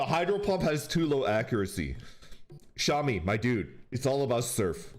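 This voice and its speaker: Lively, laughing male streamer. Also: mid-range voice, moderate pace, a little hiss or hum. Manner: laughs often, rambling and animated. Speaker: streamer chatting with viewers. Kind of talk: casual rambling storytelling. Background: faint background music.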